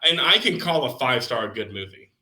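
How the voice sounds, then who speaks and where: Bright-voiced man, casual movie podcast chat. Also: medium pitch, big pitch swings, fairly quick, reverberant, poor audio. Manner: casual, profane, enthusiastic. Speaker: podcast co-host.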